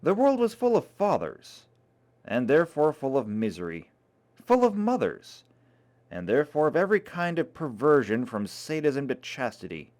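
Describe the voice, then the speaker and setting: A man reading a novel aloud in a dramatic, expressive way. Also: mid-range voice. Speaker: reader.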